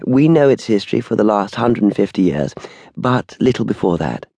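A man's voice: on the low side, very animated, moderate pace, gravelly, mellow, no room sound, voice pushed up, full character voice. A man voicing a courteous, deferential old shop assistant who speaks formally and politely. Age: older.

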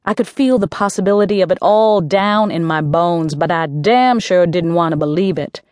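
A woman's voice: on the low side, normal speed, darkish tone, no echo, studio quality. A woman narrating a first-person audiobook in a gritty, slangy street voice.

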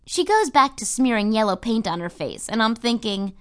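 Female narrator for a first-person kids' audiobook, lively and conversational, slightly high voice. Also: normal speed, few pauses.

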